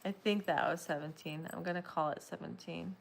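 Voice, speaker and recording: Woman streamer, lower voice, rambling and drowsy, casual crafting chat. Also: steady tone, brisk, vocal fry. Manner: chatty, rambling, apologetic. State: yawning, sleepy. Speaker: crochet livestream host. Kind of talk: casual livestream chat while crocheting.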